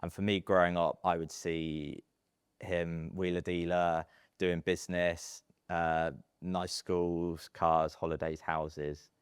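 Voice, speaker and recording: Deep-voiced chatty man. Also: slow pace, smooth, no room sound, studio quality. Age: 30s. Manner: animated storyteller, chatty with many fillers. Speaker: podcast guest, estate agency businessman. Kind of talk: casual interview chat.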